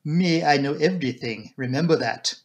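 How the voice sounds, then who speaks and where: A grave, self-assured detective, voiced by a man reading aloud, lays out his reasoning with precise, deliberate authority. The voice sits a little high for a man. It is an audiobook reading. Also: lightly acted.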